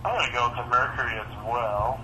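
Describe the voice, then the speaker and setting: A man's voice: medium pitch, brisk, background noise. A man co-hosting a casual sports picks show, bantering playfully as he explains his picks.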